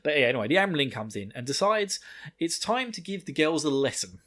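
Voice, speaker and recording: A man's voice: fairly high pitch, big pitch swings, a bit bright. A man hosting a podcast, recapping a book chapter in casual chat, rambling and laughing, with the odd swear. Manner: rambling, laughing, swearing, quick acted quotes. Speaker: podcast host.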